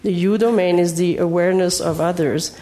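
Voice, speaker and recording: A woman's voice: on the low side, steady tone, brisk, mellow. A woman educator giving a presentation and explaining the ideas step by step. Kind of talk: presentation talk.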